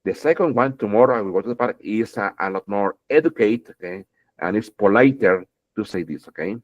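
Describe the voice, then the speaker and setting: Lively male English teacher. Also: fairly low pitch, brisk, highs cut off. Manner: keeps checking in with "okay?", repeats words, addresses students fondly. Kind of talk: online English grammar lesson.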